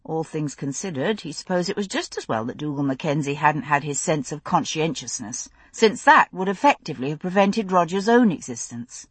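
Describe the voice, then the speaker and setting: A woman narrating a novel in an intimate, unhurried storytelling voice on a close studio mic. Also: low-pitched, animated, husky, no room sound. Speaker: audiobook narrator. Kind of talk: scripted narration.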